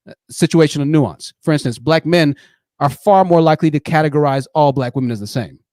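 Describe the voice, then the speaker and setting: Mocking, higher-pitched man host. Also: fairly quick, darkish tone, dry recording, studio quality. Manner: mocking, pressing, repeats words. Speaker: channel host. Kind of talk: live-stream call-in debate.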